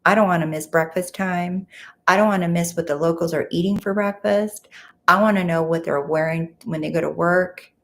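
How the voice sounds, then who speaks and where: A chatty woman hosts a casual livestream from home, reading viewer comments aloud and reacting to each one. Her voice sits a little low and carries a gravelly, creaky edge. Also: steady tone, normal speed, a bit bright. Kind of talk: casual live chat.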